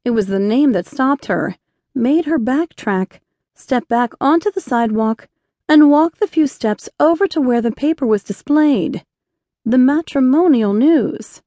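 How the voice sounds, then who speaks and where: A woman narrating an inspirational romance audiobook in a measured storytelling voice on a close studio mic. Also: high voice, animated, dark tone, dry recording. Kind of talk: scripted narration.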